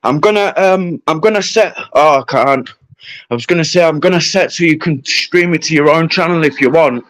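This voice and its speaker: A man's voice: fairly high pitch, normal speed, fairly bright tone, no echo, poor audio. A British man ranting on a livestream, confrontational and swearing heavily. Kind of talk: angry livestream rant.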